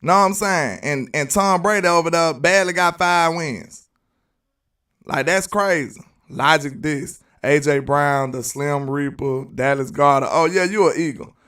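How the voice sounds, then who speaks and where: Recorded from a distance, this Alabama man hosts live sports commentary in a Southern US accent. His fairly high voice is pushed, bright and clean, and he takes his time. He's argumentative and emphatic, repeating phrases to press his case.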